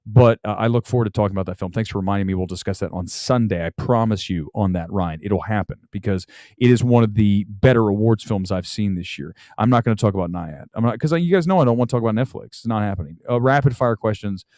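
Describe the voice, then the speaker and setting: A man's voice: fairly low pitch, fast talker, a little mellow, no room sound. A man hosting a movie talk live stream, chatting casually and rambling with frequent restarts. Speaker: movie talk show host.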